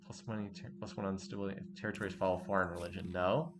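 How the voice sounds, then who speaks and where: A man commentating his strategy game as he plays, halting and repeating himself when frustrated. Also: deep voice, steady tone, noisy background. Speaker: game streamer. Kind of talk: let's play commentary.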